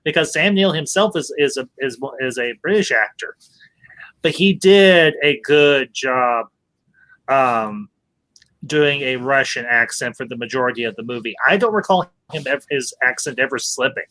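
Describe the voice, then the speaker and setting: A man hosts a casual movie review chat, speaking emphatically, restarting words frequently, and repeatedly saying "I'll say this." His mid-range voice is pushed and bright, at a normal speed.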